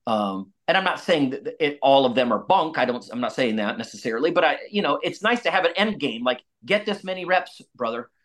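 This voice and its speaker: A man's voice: mid-range voice, animated, fairly quick, hardly any pauses, fairly bright tone. Chatty, rambling man on a podcast. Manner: loose and rambling, slangy asides. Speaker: guest expert on nutrition and exercise. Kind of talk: casual podcast conversation.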